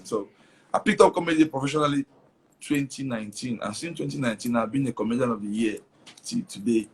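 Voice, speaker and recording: Husky young man telling stories. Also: medium pitch, fast. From Cameroon. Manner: animated, repeats words, mixes in Pidgin. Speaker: comedian guest. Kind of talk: casual interview storytelling.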